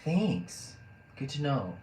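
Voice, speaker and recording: A man's voice: mid-range voice, very animated, takes it slowly, a little mellow. A man casually chatting with his live stream audience, joking, laughing often and rambling with fillers. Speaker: live streamer reading chat. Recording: roomy echo, faint background noise.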